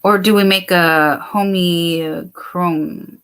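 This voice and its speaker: Slow, chatty woman hosting a livestream. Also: fairly low pitch, expressive. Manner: chatty, reads viewer comments aloud, giggly. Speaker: crochet livestream host. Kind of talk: casual late-night livestream chat.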